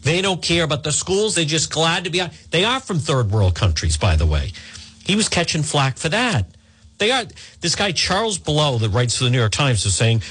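A man with a slightly high, a bit bright and husky voice delivers an opinionated talk radio monologue at a moderate pace with big pitch swings. He argues combatively, repeating points and firing off rhetorical questions.

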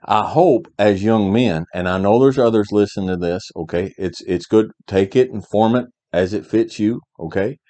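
A man's voice: fairly low pitch, normal speed, hardly any pauses, mellow. A middle-aged man giving a motivational talk to young men, emphatic, repeating key phrases and checking in with "all right?". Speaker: podcast host giving life advice.

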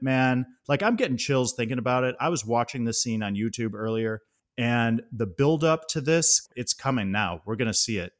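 A man co-hosting a casual podcast, telling a movie scene with lively animation. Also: medium pitch. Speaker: podcast co-host.

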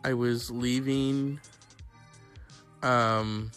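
A man's voice: mid-range voice, steady tone, drawn-out words, fairly bright tone, soft background music. A man vlogging in a casual, profane, rambling rant.

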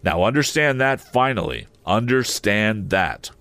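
A man's voice: fairly low pitch, sing-song, a little slow, a bit bright, dry recording, exaggerated voice. A man doing a brusque stern lawyer. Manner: clipped, commanding. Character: brusque stern middle-aged male lawyer.

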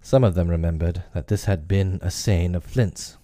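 A man reading a storybook aloud as narrator, measured and unhurried. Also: low-pitched, mellow, no room sound, studio quality. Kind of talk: audiobook narration.

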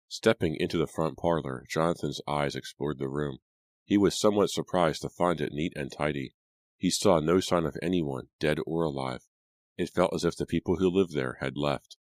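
Deep deep voiced guy narrating a spooky audiobook, dramatic and steady, dry close mic. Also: dry recording. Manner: measured, dramatic storytelling.

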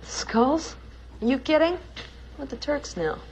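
An actress playing a nervous young woman stuck in a dangerous city, talking in a hushed voice, heard as a film clip. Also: sits high, expressive, slow pace. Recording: noisy film soundtrack clip.

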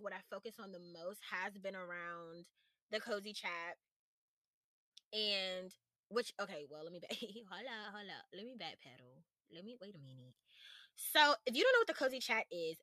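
Bright, chatty young woman hosting a podcast. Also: a little high, dry recording. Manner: chatty, playful, laughs and backtracks a lot. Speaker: podcast host. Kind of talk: casual chat.

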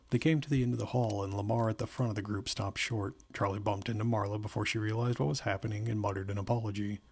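Guy reading a novel out loud, low voice, gravelly and husky. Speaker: narrator. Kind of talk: scripted narration of a novel.

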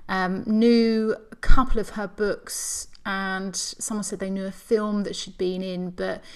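A woman's voice: mid-range voice, flat delivery, measured pace, clear, resonant tone. A woman co-hosting a chatty podcast, with a wry, mock-indignant manner. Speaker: podcast co-host. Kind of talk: casual chat.

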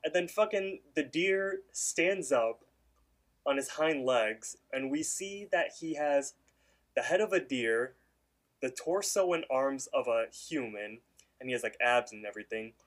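A man's voice: mid-range voice, lively intonation, a little slow. A man co-hosting a podcast, loosely retelling a cartoon episode with lots of fillers. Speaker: podcast co-host. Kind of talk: casual episode recap.

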